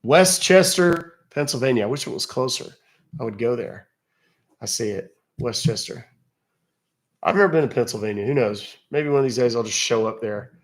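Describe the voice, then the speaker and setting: This Texan livestream host has an expressive mid-range voice and a moderate pace. He keeps the stream loose and jokey, chatting casually and reading out comments from his viewers.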